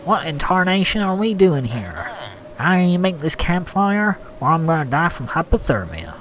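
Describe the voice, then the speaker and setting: A man's voice: fairly high pitch, very animated, moderate pace, a bit bright, a little hiss or hum, pitched above the performer's own voice. Man doing a folksy redneck drawl, broad and hammy. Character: exaggerated American redneck man.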